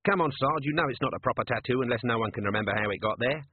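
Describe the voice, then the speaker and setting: A man's voice: medium pitch, very fast, slightly rough, no room sound, lightly acted. A man voicing a cheeky, coarse, chatty watchman in an audiobook. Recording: tinny lo-fi dry recording.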